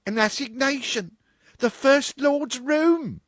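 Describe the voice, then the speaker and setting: An uncompromising lady supervisor, prim and clipped, her voice lifted high and firm, as a male narrator puts her on. She sounds stern and proper. The recording is dry. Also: sing-song, normal speed, no room sound. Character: stern prim middle-aged woman supervisor.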